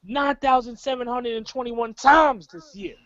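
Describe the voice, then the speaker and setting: A man's voice: extremely high pitch, fairly even intonation, moderate pace, fairly bright tone, no room sound. A man co-hosting a wrestling review, ranting in exasperated, profane casual talk. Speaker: wrestling show co-host. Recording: dull lo-fi recording.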